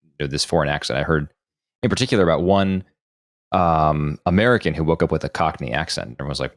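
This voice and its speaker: A man's voice: a bass voice, fairly even intonation, normal speed, dry recording, studio quality. A man co-hosting a podcast, thinking aloud and reasoning through his guesses in casual chat. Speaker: podcast co-host.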